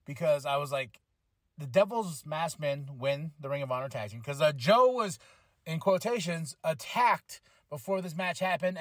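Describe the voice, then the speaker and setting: Here a wrestling podcast host chats casually through a review, excitable and meandering, with plenty of filler words and false starts. The sound is close and dry with no echo or surrounding room, and his voice is a touch high for a man.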